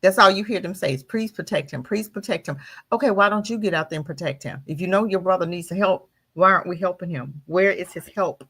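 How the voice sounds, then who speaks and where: A woman's voice: lowish voice, fast, few pauses, a bit bright. A woman guest on a talk show, speaking with fiery, preaching energy and firing off rhetorical questions. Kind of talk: impassioned commentary.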